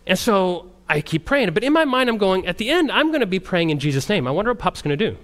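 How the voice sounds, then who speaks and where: A man who works as a missionary, telling a story to a group in an animated way and often restarting his sentences. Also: high voice, fast talker. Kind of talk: storytelling testimony talk.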